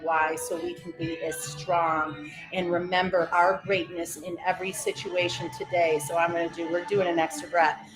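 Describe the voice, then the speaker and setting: A woman leading guided breathing and spoken affirmations, coaching with energetic repetition and call-outs. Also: medium pitch. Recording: echoey room with music under.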